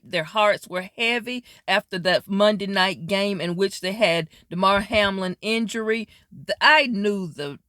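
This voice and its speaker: A sassy woman runs through her weekly football wrap-up, scolding and cheering teams as if they could hear her. Her voice sits in a middle pitch and is recorded close and dry, with no room sound. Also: dry recording. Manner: sassy, animated, talks straight to teams and players. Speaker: sports commentary vlogger. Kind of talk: casual sports wrap-up commentary.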